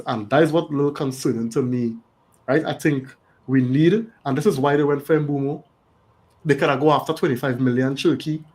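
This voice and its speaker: A man's voice: fairly high pitch, a little mellow, low-quality recording. A man on a fan panel in casual chat over a video call, thinking aloud and checking in with "right?" after his points.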